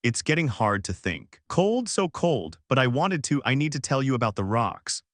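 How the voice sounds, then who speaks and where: A man voicing a frightened twelve-year-old boy trapped underground, speaking in halting, broken-off sentences. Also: mid-range voice, big pitch swings, dry recording, natural voice. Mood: faint, fading.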